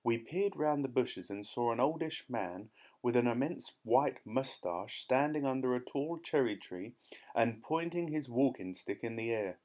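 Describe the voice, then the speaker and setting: A man's voice: mid-range voice, expressive, unhurried, a little mellow. Man reading a children's audiobook. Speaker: audiobook reader. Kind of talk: audiobook narration.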